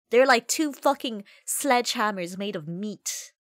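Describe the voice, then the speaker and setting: A sniffly woman with a cold talks through a game stream at an unhurried pace, her voice bright and lively. She swears freely, laughs a lot and hurls mock threats at the characters on screen. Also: fairly high pitch, no room sound, studio quality. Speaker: streamer playing a video game. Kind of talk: live game stream chat.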